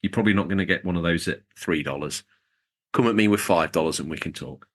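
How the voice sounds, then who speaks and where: He speaks fast in a deep voice, co-hosting a podcast where the talk is casual, jokey and meandering as he reads out supporters.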